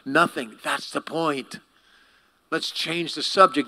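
A male pastor preaching a sermon in an animated way, asking the congregation questions. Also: fairly high pitch, normal speed.

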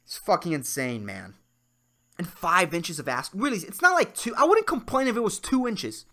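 A man's voice: high voice, very animated, normal speed, pushed and bright. A young man hosting a solo comedy podcast, ranting with lots of swearing and swinging between worked-up outbursts and mumbled asides. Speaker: podcast host. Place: Puerto Rico.

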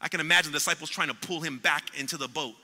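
Impassioned high-voiced man preaching, bright. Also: rapid-fire. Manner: impassioned preaching with repetitions and acted-out quotes. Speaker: pastor. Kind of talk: sermon. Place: church sanctuary. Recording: long hall reverb in a church.

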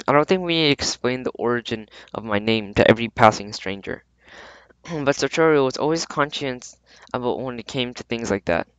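A man reading a storybook aloud with halting restarts and frequent throat clearing. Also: mid-range voice, animated, fairly bright tone, no echo, lo-fi sound. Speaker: audiobook reader. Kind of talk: amateur audiobook narration.

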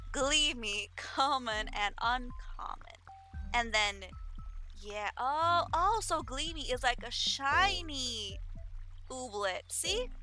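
A woman streamer chatting casually through a video game, giggly and easily excited by cute things. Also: on the high side. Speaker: gaming streamer. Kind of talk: casual let's-play commentary.

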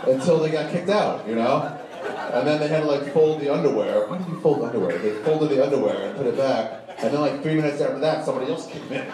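A man's voice: quick pace, very echoey. Man telling a rambling story on stage. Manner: rambling, animated, acts out the other people in the story. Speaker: stand-up storyteller. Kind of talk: live storytelling set. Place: comedy club stage before a laughing audience. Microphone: handheld stage mic, recorded from the crowd. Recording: boomy live room taped from far off, audible noise. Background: audience laughter.

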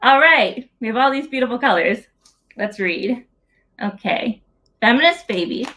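A woman's voice: a little high, a little slow, pushed and bright. A woman in her thirties reading her picture book aloud at a story hour over a video call, in a playful sing-song way that talks straight to young children.

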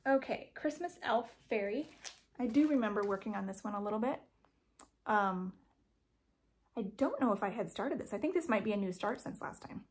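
With lively intonation and a medium pitch, a woman talks at a normal speed while showing her cross stitch projects in a casual vlog from her home craft room. She's chatty and rambling, often correcting herself and saying um. Slight background noise can be heard.

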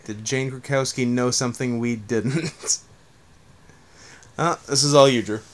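A man's voice: mid-range voice, a little slow, slight background noise. Laughing, swearing young man co-hosting. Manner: laughs often, swears casually. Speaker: podcast co-host. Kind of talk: casual chat.

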